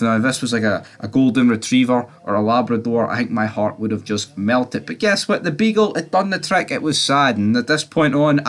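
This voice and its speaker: A man rambles through a movie review in a loose, chatty way at an ordinary middle pitch. He swears freely and keeps tossing quick questions at his listener. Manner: rambling and chatty, swears, tags lines with "right?". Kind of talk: casual movie review monologue.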